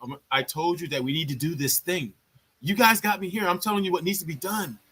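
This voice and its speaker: A man with a high, bright, forceful voice tells war-era army stories in a loose, profane chat style. He jumps into other people's voices as he goes, animated and blunt. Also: brisk, husky. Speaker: army veteran telling a story. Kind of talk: casual storytelling on a live chat.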